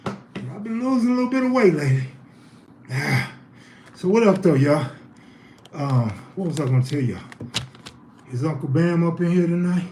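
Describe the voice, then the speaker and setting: A man's voice: on the high side, animated, moderate pace, long pauses, warm tone. A man hosting a casual live stream, out of breath, joking and reading viewer comments in loose slang. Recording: roomy echo, faint background hum.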